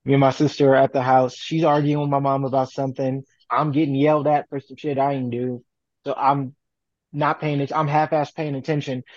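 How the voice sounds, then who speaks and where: A man co-hosting a podcast, telling a story in an animated, profane way and acting out the voices he quotes. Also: mid-range voice, brisk, no room sound, lo-fi sound. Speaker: podcast co-host. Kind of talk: casual storytelling.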